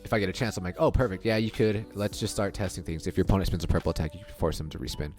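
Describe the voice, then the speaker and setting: A man with a low voice talks his viewers through a recorded match in a relaxed, rambling way, often stopping to rethink a point. Soft music plays quietly under his voice. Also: racing. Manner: thinking out loud, chatty, many restarts and "I'm like" retellings. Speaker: gaming video creator. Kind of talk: casual game commentary over recorded play.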